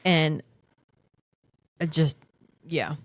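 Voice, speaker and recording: Low-voiced woman co-hosting a podcast. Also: dry recording. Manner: halting, restarts often, recounting a witness story. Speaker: podcast co-host. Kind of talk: casual chat.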